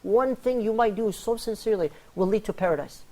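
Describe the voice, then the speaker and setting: Fast-talking man hosting a religious talk. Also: high-pitched. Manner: animated storyteller, acts out quoted dialogue. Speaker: host. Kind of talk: religious panel talk on charity.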